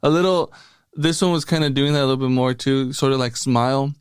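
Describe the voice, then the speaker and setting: A man's voice: medium pitch, fast, smooth, no echo, studio quality. A man co-hosting a podcast, talking casually and loosely about a movie, with many fillers. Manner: relaxed, many fillers and agreements. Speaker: podcast co-host. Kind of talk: casual movie review chat.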